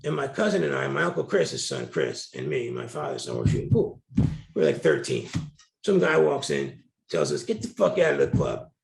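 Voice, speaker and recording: Gravelly middle-aged man telling stories. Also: medium pitch, huge pitch swings, a little fast. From New Jersey. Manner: candid, colorful storyteller. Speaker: guest. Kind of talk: storytelling interview. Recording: roomy echo.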